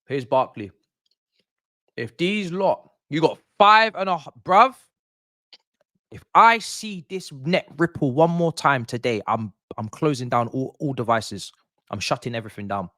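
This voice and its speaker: A man's voice: medium pitch, animated, a little slow, sharp tone, no room sound. Young man, football watch-along streamer, exasperated ranting, dry close sound. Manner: exasperated, ranting at players, swearing.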